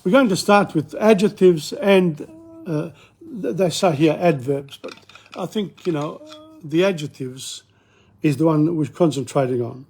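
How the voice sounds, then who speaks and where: An older man teaching a casual language lesson, talking haltingly with many fillers and restarts and repeating words slowly. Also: on the high side, darkish tone, slightly rough.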